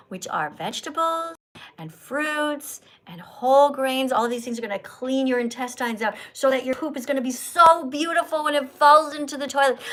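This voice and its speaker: A woman hosting a casual livestream, talking to her viewers in an animated, teacherly, jokey way. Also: fairly high pitch. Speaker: livestream host. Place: Italy.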